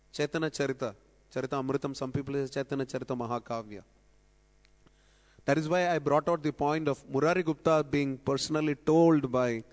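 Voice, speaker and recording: Man, devotional lecture, fairly high voice, quotes scripture with emphasis, long hall reverb. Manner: explanatory, quotes scripture with rising emphasis, coughs now and then. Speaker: speaker at temple festival lecture. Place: temple hall.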